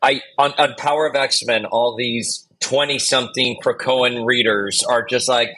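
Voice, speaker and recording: A man with a raspy voice co-hosting a podcast in casual, teasing chat. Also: medium pitch, fairly even intonation, measured pace, pushed and bright, no echo. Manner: playful, teasing. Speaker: podcast co-host.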